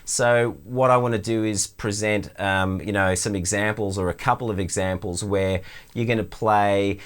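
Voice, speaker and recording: A middle-aged Australian man teaching drums, explaining stickings in a relaxed way. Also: lowish voice, normal speed. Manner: relaxed, explanatory, counts in before playing. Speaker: drum teacher. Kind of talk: instructional demonstration.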